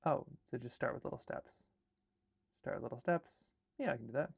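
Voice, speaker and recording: A young man from Alaska talks casually on a livestream, rambling as he thinks aloud and reading chat comments and draft text back to himself. His voice sits at an average pitch with a gravelly, creaky edge. The sound is close and dry, with no room echo. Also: a little fast. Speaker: artist and filmmaker livestreaming.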